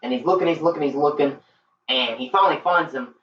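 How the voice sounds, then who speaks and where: Here a man with a high-ish, somewhat bright voice talks fast and excitedly, wandering through a casual movie review with plenty of ums and restarts. There's a little hiss or hum, and because he's well back from the mic in a reverberant room, the sound is dull and lo-fi.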